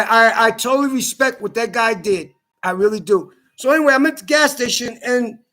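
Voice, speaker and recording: Pushed and bright, a very high-pitched male voice launches into a heated, profane rant. He's a social media commentator whose monologue keeps stumbling into restarts.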